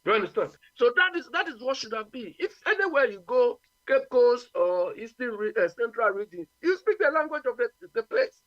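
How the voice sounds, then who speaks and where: Ghanaian man, high lively voice, emphatic radio talker, dry muffled line. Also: a little fast, hardly any pauses, dry recording. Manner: emphatic, repeats "you understand?". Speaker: radio guest. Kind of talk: opinionated radio talk.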